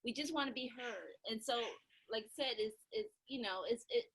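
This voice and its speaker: A woman's voice: on the high side, lively intonation, normal speed, fairly bright tone, breathy edge, low-quality recording. A woman hosting a conversational interview, affirming her guest and repeating words as she finds her thoughts. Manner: affirming, repeats words while finding them. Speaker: host.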